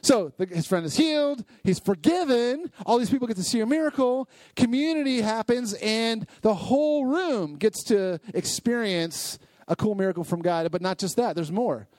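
A man teaching a youth Bible lesson, energetic and asking the group lots of questions. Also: high-pitched, moderate pace, no room sound. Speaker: youth pastor.

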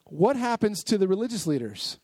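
A man teaching a youth Bible lesson, energetic and asking the group lots of questions. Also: high-pitched, fairly quick, no room sound. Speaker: youth pastor.

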